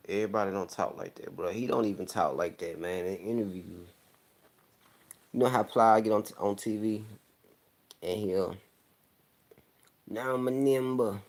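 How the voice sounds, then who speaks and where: Loose and easygoing, a young Southern man with a country accent chats in a rambling way. His voice sits very low with a darkish, gravelly fry, and his words slur a bit as he laughs along.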